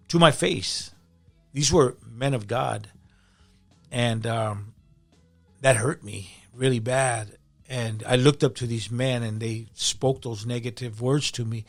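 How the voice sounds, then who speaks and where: A middle-aged man speaks as a pastor recounting his own story, his voice carrying a gravelly rasp. He talks with feeling and often doubles back on his words. Soft music plays faintly behind him. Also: medium pitch. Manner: emotional, repeats words when moved. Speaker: pastor, podcast guest. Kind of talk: personal testimony in conversation.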